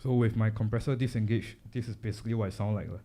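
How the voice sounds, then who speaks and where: In a live event room, a man with a Singaporean English accent gives a technical audio demonstration, chatting casually about the gear between chews of gum. He talks fast in a fairly low, mellow voice with a steady tone.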